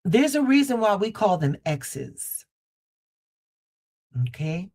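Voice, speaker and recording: A woman's voice: mid-range voice, sing-song, slow pace, darkish tone. A woman giving a live tarot card reading, calling the viewer baby and repeating her phrases for emphasis. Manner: affectionate, calls viewer baby and mama. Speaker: tarot reader. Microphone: basic streaming setup.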